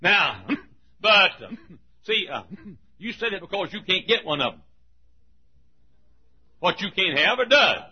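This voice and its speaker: High, husky-voiced shouting preacher. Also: male voice, big pitch swings, a little slow, long pauses. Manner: emphatic, shouting preacher with laughter from the congregation. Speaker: pastor. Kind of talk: sermon. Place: church sanctuary. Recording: dull, husky lo-fi church recording.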